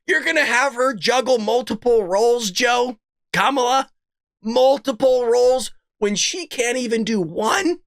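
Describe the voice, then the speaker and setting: A man hosting a political commentary livestream, mocking and excitable, often laughing and cursing in disbelief. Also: extremely high pitch, no room sound, studio quality. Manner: mocking, excitable, repeats lines. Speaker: show host.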